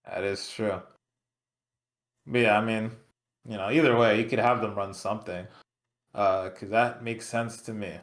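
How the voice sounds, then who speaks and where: A man's voice: lowish voice, fairly even intonation, unhurried, long pauses. A man co-hosting a casual wrestling podcast, laid-back and profane as he muses over storylines. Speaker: podcast co-host.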